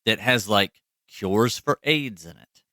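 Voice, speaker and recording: A man's voice: on the low side, slow, bright, forceful tone, no echo, studio quality. A man co-hosting a podcast in casual chat, rambling and profane with lots of fillers. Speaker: podcast co-host.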